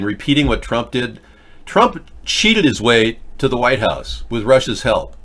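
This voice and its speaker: Hosting a live political video chat show, a man with a mid-range, fairly bright voice rambles bluntly, often restarting his words. In this casual live-stream talk, he replies to chat viewers while mocking them.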